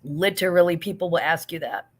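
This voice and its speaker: A woman's voice: fairly low pitch, fairly quick. A middle-aged woman hosting a casual live chat, answering viewers with laughs and affection while yawning and sleepy. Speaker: livestream host answering chat.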